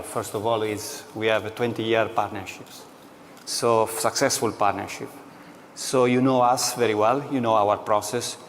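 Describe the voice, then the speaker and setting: A man speaking as a company executive guest in a panel interview, answering in a measured way with frequent pauses and fillers. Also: fairly low pitch, in a large hall, a little hiss or hum.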